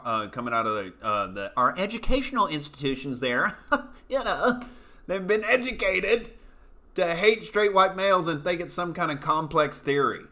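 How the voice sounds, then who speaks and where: A man's voice: medium pitch, bright, forceful tone. A male comedian hosting his own show, delivering a profane, scornful rant full of fillers and asides. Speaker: comedian host. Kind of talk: ranting comedy commentary.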